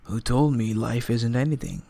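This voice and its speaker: A man hosts a livestream and banters casually with friends over voice chat, chatty and quick to laugh at himself. His voice sits at a middling pitch. The headset mic is held very close to his mouth. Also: steady tone, vocal fry, mellow. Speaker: stream host.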